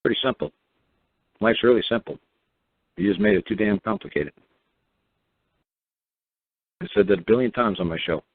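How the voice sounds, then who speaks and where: A man's voice: medium pitch, huge pitch swings, normal speed, vocal fry, pauses often, slightly rough. A man from New York hosting a call-in show, firing blunt, profane rhetorical questions at a caller. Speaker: radio show host. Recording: tinny phone-line sound.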